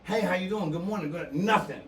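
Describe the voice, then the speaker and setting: A middle-aged man with an East Coast US accent tells a story loudly and keeps the swearing coming. His voice sits fairly high. He is a bit away from the mic in a roomy, echoing space. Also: fairly quick, distant mic, slight background noise. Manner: loud, animated, profane storyteller. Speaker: podcast co-host. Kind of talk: casual storytelling.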